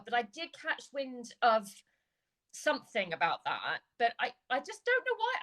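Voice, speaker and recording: English woman host, upbeat and chatty, crisp bright tone, easy interview. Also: fairly high pitch, wildly swooping pitch, poor audio. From England, with childhood years in California. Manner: chatty and upbeat, quick to agree. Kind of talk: casual video-call chat.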